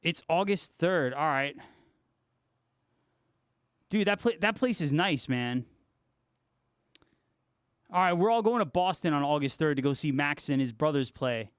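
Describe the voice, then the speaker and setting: A man's voice: a little high, animated, measured pace, pauses often, clear, resonant tone, no echo, clean studio sound. Laid-back, foul-mouthed male livestreamer. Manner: laid-back, swears freely, laughs often. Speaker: livestream host and guitarist. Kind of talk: casual chat reading viewer comments.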